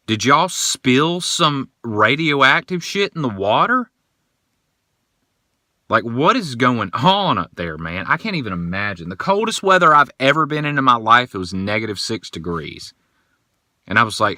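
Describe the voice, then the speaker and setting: A man hosting a casual solo podcast, telling rambling, animated stories. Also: medium pitch, a little slow, pauses often, no echo, studio quality. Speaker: podcast host.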